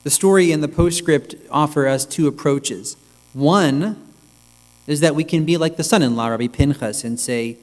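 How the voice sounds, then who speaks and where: A male rabbi giving a reflective, measured sermon, with pauses, in a synagogue sanctuary. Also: a little high. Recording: long reverb with mains hum.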